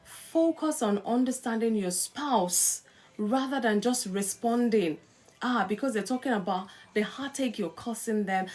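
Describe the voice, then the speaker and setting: A middle-aged woman talks straight to her listeners about marriage, her voice sitting a little high. She speaks in an earnest, coaching way that turns lively when she acts out a spouse mid-argument. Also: unhurried. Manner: animated, acts out quarrelling spouses in quotes. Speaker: host. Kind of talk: live-stream marriage advice talk.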